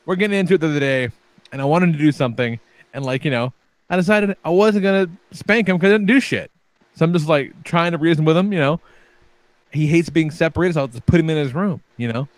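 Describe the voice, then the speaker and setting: A man chatting casually as a podcast host, telling profane, animated stories about being a father. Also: on the high side, fast, no echo. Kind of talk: casual chat.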